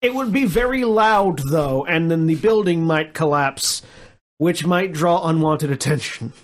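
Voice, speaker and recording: A man's voice: on the high side, unhurried. A man running a tabletop role-playing game, laid-back and hesitant with fillers. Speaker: game master.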